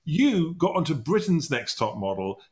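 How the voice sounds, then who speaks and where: A man's voice: fairly high pitch, very animated, moderate pace, darkish tone. A middle-aged man hosting a casual interview, rambling with many restarts and fillers. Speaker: podcast host.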